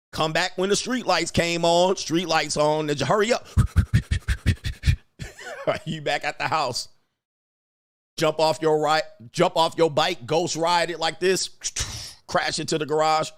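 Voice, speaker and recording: A man's voice: a little high, steady tone, slow pace, pauses often, fairly bright tone. A man hosting crude casual commentary, laughing and swearing as he tells stories. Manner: profane, laughing, storytelling. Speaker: livestream commentary host.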